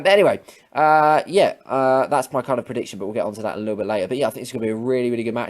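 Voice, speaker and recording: A man giving casual, rambling wrestling predictions to camera, swearing freely and quickly getting heated. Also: medium pitch, a little mellow. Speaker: wrestling preview vlogger. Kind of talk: casual unscripted commentary.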